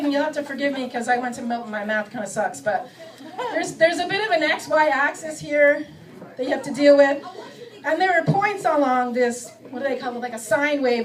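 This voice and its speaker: High-voiced menopausal woman doing stand-up. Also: distant mic, low-quality recording. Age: middle-aged. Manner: self-mocking, acts out bits with quick voice shifts. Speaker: stand-up comedian. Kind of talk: stand-up comedy set. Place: comedy club stage before a live audience.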